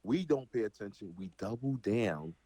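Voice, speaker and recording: Low-voiced man leading casual Bible talk. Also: moderate pace, slightly rough, dry recording, rough recording. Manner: animated, draws everyday parallels, many fillers. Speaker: Bible study host. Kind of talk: casual group Bible study chat.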